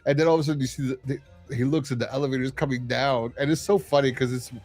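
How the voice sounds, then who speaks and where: A man's voice: mid-range voice, racing, soft background music. Chatty man retelling a TV episode. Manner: animated retelling, full of fillers and quoted lines. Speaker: podcast co-host. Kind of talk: casual chat.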